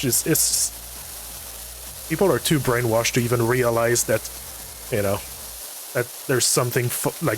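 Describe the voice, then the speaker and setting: A man's voice: mid-range voice, a little hiss or hum, low-quality recording. A man, ranting on a casual livestream with lots of swearing and fillers. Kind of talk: casual chat while gaming.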